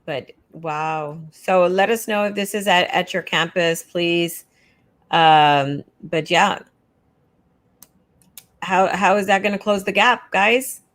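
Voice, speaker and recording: A woman's voice: lowish voice, slow pace, fairly bright tone. A woman co-hosting a casual talk stream for teachers, exasperated and openly sarcastic. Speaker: co-host of educators' union livestream. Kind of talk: casual chat.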